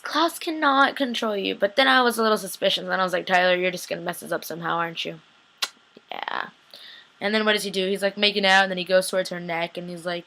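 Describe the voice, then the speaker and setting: A woman's voice: mid-range voice, steady tone, quick pace, sharp tone. A young woman casually recapping a TV episode, gushing and chatty, acting out characters' lines as she goes. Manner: gushing, chatty, quotes characters in bits of voices. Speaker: TV recap vlogger.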